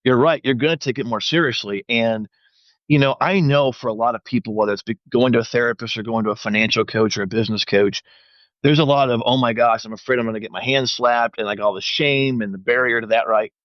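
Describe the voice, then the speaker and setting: A man talks as a podcast guest and financial coach, animated as he tells stories about clients. His middle-pitched voice has a dry, slightly muffled, lo-fi sound. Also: quick pace, no echo. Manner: animated storyteller who acts out client dialogue. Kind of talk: podcast interview conversation.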